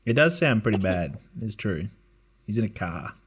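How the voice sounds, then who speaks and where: A man's voice: on the low side, big pitch swings, normal speed, breathy edge. A man hosting a podcast in casual chat, chatty and laughing often. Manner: chatty, laughs often, does playful voices. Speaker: podcast host.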